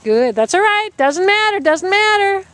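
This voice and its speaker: High-voiced woman coaching a riding lesson. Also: big pitch swings, normal speed, fairly bright tone. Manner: encouraging, repeats short commands. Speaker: riding instructor.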